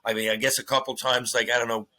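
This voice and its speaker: A middle-aged man, a former hockey player, telling stories as a podcast guest in a lively, profane way, acting out what others said. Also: mid-range voice, quick pace. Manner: animated storyteller, swears freely, acts out quotes. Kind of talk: casual storytelling interview.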